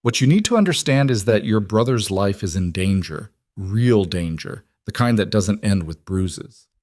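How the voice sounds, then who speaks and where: A man's voice: lowish voice, normal speed, dry recording, close to an everyday voice. A man reading as a cool, clipped mafia boss. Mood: cold. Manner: calm, clipped, matter-of-fact threats. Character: cold controlled male mafia boss.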